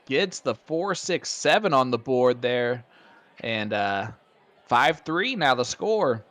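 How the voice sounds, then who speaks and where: A man's voice: medium pitch, slow. Chatty Hoosier darts commentator man. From Indiana. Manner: chatty, laughs often, excitable. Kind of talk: live sports commentary.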